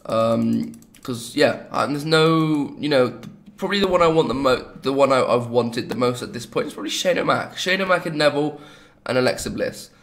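Young man, English accent, mid pitch, casual gameplay commentary, rambling, jokey. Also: brisk, a bit bright. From England. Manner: rambling, chatty, jokey asides. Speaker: gaming video host.

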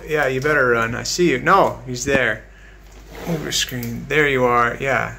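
A man's voice: medium pitch, a little slow, creaky, pushed and bright, slight background noise, rough recording. A man hosting a casual vlog, talking in a wry, playful, teasing way. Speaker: vlog host. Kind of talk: casual joking vlog narration.

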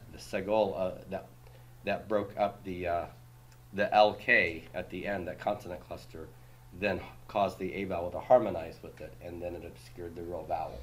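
A man's voice: low-pitched, fairly even intonation, moderate pace, slightly rough. A man teaching a Hebrew grammar class, explaining patiently and quizzing his students with questions and homely comparisons.

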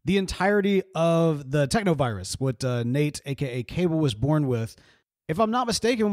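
A man in his thirties from the American South talks in a casual, heartfelt monologue. His voice sits a little high, and the recording is dry and close. He is emotional and rambles with asides. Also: darkish tone, dry recording. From Southern US, grew up in Mississippi. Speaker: video creator reacting to a cartoon episode.

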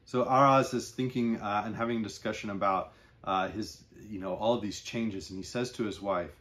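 A man's voice: fairly low pitch, normal speed, a bit bright. A man reviewing a novel, talking hesitantly with many fillers and reading long passages aloud. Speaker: book reviewer. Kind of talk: book discussion with read-aloud passages.

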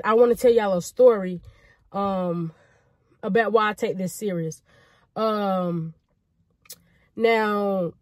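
A young woman vlogging from a car, talking chattily and excitedly to her viewers and saying "y'all" a lot. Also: medium pitch, no echo. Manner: chatty, repeats "y'all" often, excited and grateful. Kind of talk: casual chat to the camera.

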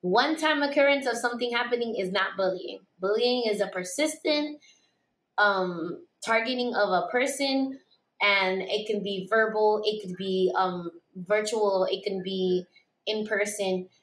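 A woman's voice: mid-range voice, unhurried, echoey room. A woman hosting a podcast, chatting in a blunt, opinionated way. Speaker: podcast host. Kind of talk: casual chat.

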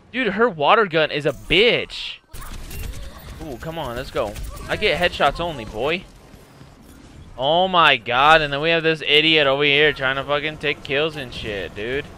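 A young man in his twenties calls out his game in real time, loud and excitable, swearing at teammates and taunting foes. His voice sits a little high and bright, with big swings in pitch as he reacts. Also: unhurried. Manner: excitable, swearing, trash-talking. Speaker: gaming YouTuber. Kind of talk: gameplay commentary.

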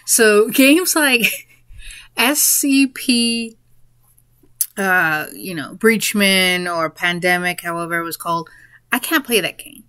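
A woman's voice: mid-range voice, lively intonation, takes it slowly, sharp tone, clean tone, dry recording. A woman in a casual spoken monologue, rambling a little and breaking into giggles mid-sentence. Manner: rambling, with fillers and restarts. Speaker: vlogger.

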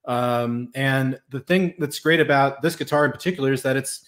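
A man's voice: mid-range voice, moderate pace, a bit bright. Easygoing man hosting a gear chat. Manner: easygoing, with frequent hesitations. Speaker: host. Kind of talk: casual chat.

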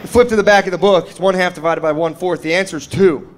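A man in his thirties tells stand-up stories with an easy, rambling delivery. His voice sits a little high for a man, and he keeps slipping into the people he quotes. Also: fast talker, few pauses. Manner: laid-back, peppered with "dude" and "man", acts out quotes. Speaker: stand-up comedian. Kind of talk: stand-up storytelling. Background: audience laughter.

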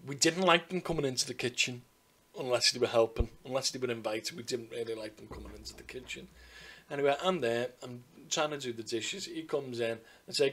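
A man's voice: mid-range voice, normal speed, pauses often, a bit bright. A man telling a personal story to camera in a rambling, chatty way, full of asides and restarts. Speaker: vlogger.

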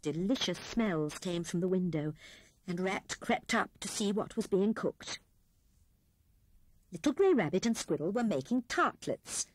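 A woman narrating a children's storybook with expressive, animated storytelling. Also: mid-range voice, unhurried, no echo. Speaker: audiobook narrator.

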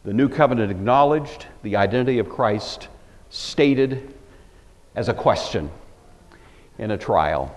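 A man teaching a Bible lecture, telling the story with animated emphasis. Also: lowish voice, a little slow, long pauses, big-room sound.

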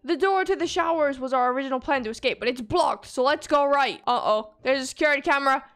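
A woman giving excitable commentary while playing a video game, gasping and squealing at every obstacle. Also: high-pitched, quick pace. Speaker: gaming video creator. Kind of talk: playthrough commentary.

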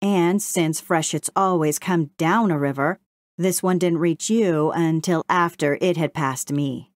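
Brief: woman reading as a calm, earnest storybook beaver, lower voice, dry. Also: unhurried, no room sound. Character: polite, earnest male beaver.

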